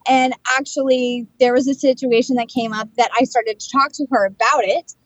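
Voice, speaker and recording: A woman's voice: high voice, normal speed, dry recording. Chatty woman podcaster, dull lo-fi sound. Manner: chatty storyteller, animated retelling of conversations. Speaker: podcast co-host, psychic and channeler. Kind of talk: casual chat.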